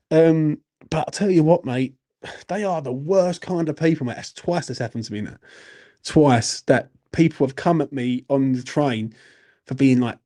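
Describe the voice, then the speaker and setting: Brief: young man, relaxed dark tone, laughs and curses, calls everyone mate. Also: a little high, brisk. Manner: swearing, animated anecdote with laughs and "mate". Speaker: football channel host. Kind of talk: late-night casual storytelling.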